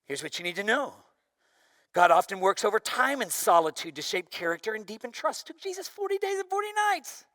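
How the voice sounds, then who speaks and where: A young man preaching a sermon with a bright, forceful tone. He shifts from loud, shouted bursts to soft, hushed passages. The recording is dry and close, with no room echo. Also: high voice, fairly quick. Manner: animated, swings from shouting to hushed. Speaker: pastor.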